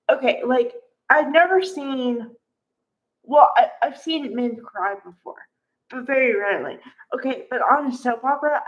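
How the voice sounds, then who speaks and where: Slow-talking woman, slightly high voice, gushes through a soap recap, says "like" a lot. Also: rough recording. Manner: gushing, chatty, peppered with "like". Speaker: soap opera recap vlogger. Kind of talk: casual chat.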